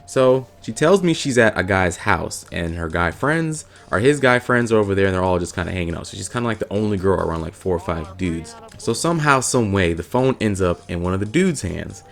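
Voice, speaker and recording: Man, low voice, casual vlog storytelling, blunt, profane, animated. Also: brisk, creaky, hardly any pauses. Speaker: vlogger.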